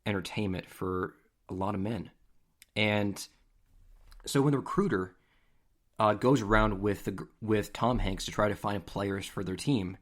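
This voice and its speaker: Lower-voiced man telling stories on a podcast. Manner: animated, conversational, acts out scenes. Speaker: podcast host. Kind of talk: casual storytelling.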